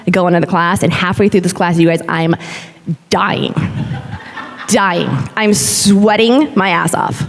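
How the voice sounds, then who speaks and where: A woman in her thirties, a yoga instructor, candidly and expressively telling her personal story to a live audience. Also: on the low side. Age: 30s. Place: large hall. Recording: long hall reverb.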